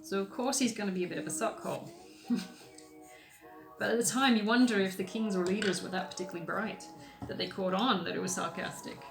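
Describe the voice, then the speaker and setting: A woman's voice: mid-range voice, fairly quick, gravelly, music in the background. Woman, podcast host, blunt, sarcastic, sweary, rambling, echoey room. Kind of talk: casual opinion monologue while painting. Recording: roomy echoey room sound.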